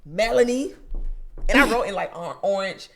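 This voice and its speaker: Fast-talking young woman spinning profane stories. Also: medium pitch. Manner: profane, animated storytelling. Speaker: podcast co-host. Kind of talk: casual chat.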